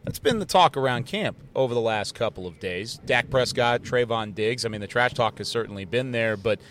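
A man's voice: medium pitch, animated, a little fast, a bit bright, slight background noise. Upbeat man hosting a live sports podcast. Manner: upbeat, laughs often, repeats info for listeners. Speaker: podcast host. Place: on-site desk at a football training camp.

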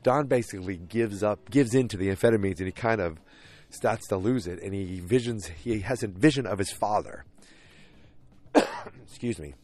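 Rambling low-voiced man recapping an episode. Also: moderate pace, a little mellow. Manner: rambling, many fillers and restarts.

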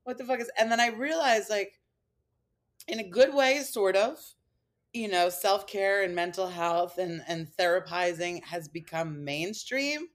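A woman's voice: medium pitch, unhurried. A woman co-hosting a podcast, telling stories animatedly and swearing casually. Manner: animated storytelling, swears, coins words. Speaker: podcast co-host.

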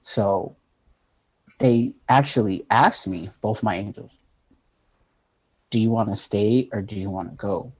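A man telling a personal near-death story in an earnest, halting way, with many fillers. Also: fairly low pitch, darkish tone, breathy edge, dull audio.

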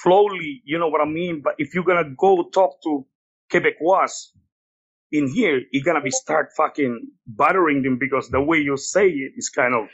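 A man's voice: a little high, moderate pace, dull audio. A man in his thirties from Montreal calling in, laid-back and easygoing, repeating his words and calling the host brother. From Montreal, Canada. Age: 30s. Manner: laid-back, repeats phrases, calls people brother and bro. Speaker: caller. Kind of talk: casual phone-in chat.

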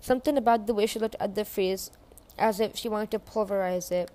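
Female reader, mid pitch, steady novel narration with light character voices. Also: brisk. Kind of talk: audiobook-style reading of a novel.

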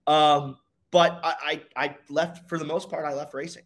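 A young man, a racing driver, telling his story in a casual interview with dramatic pauses and energy. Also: fairly high pitch, flat delivery, fairly bright tone.

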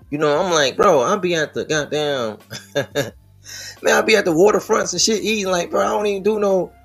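A man's voice: sits high, husky. A man hosting a podcast, talking through the news in casual, slangy, profane commentary. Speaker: podcast host.

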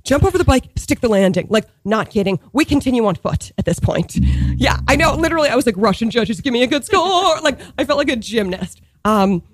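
A woman in her thirties telling a story in casual chat, animated, packed with fillers, laughing often. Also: a little high, fairly quick, breathy edge, dry recording.

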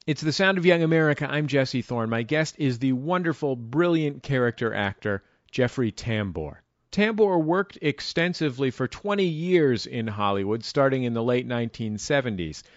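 A man hosting a radio interview show, asking measured, thoughtful questions and introducing his guest. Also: medium pitch, lively intonation, no room sound. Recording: dry, slightly muffled studio audio.

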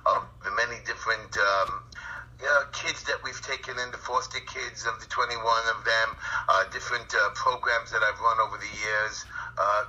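A man's voice: mid-range voice, sharp tone, slightly rough, dull audio. A middle-aged man with a Brooklyn accent, a city council candidate talking bluntly and in a rambling, streetwise way as a guest on a phone interview. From Brooklyn, New York.

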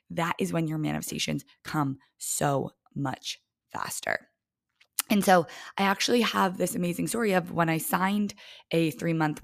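A young woman hosts her own coaching podcast, talking in a chatty, emphatic way. Her voice sits low with a gravelly fry. At times it drops to a soft near-whisper, and the recording is close and dry. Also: no echo. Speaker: business coach, podcast host. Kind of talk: casual solo podcast monologue.

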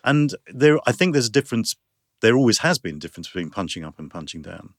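Low-voiced man telling lively anecdotes. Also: quick pace, no echo, studio quality. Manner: lively anecdotes with many fillers, 'you know' and 'um'. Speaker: guest comedian and actor. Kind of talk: conversational interview storytelling.

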